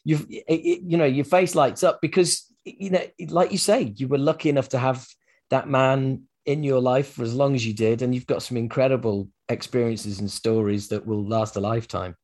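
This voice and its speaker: A man's voice: mid-range voice, fairly even intonation, moderate pace, a little mellow. A man hosting a podcast, chatting casually and reflectively with his guest, with many "you know"s. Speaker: podcast host. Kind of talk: casual interview chat.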